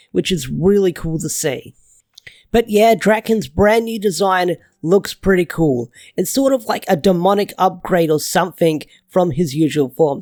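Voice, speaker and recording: A man giving a casual, excitable comic book review, gushing and rambling loosely. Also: sits high, dry recording.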